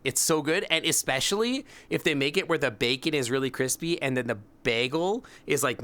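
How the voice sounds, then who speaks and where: Bright-voiced young man chatting. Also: mid-range voice. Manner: animated storytelling, mimics coworkers. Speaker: streamer. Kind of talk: casual chat with chat readers.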